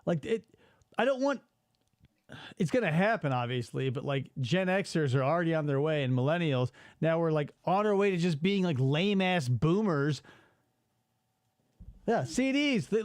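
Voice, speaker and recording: A man in his forties hosting a casual podcast, ranting in an exasperated, animated way and swearing freely. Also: sits high, normal speed, no echo, clean studio sound. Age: 40s. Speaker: podcast host.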